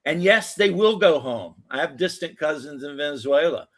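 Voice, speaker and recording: A man's voice: a little high, moderate pace. An American man telling stories in loose, profane casual chat. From United States. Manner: animated storytelling, swearing. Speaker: podcast host.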